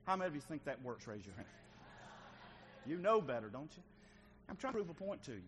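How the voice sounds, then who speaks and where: A middle-aged male pastor preaching a sermon, swinging between loud and hushed delivery. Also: on the high side, sing-song, a little fast, a little hiss or hum. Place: church sanctuary.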